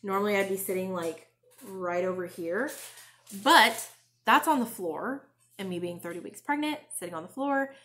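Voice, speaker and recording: Her mid-range voice is expressive, pushed, and bright, moving at a moderate pace. Seated at home before a bookshelf, this crochet and knitting podcast host tells a story in casual, chatty fashion.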